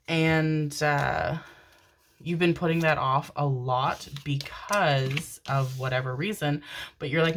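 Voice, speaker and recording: A woman's voice: low voice, fairly even intonation, slow pace, a bit bright, slight background noise. A woman giving a casual, effusive tarot reading to her viewers, chatting freely and swearing now and then. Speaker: tarot reader.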